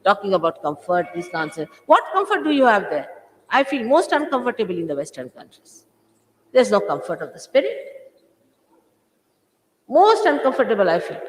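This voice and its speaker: A woman, a spiritual teacher scolding her followers with emphatic rhetorical questions. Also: fairly low pitch. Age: 60s. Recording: echoey hall, old 1980s recording.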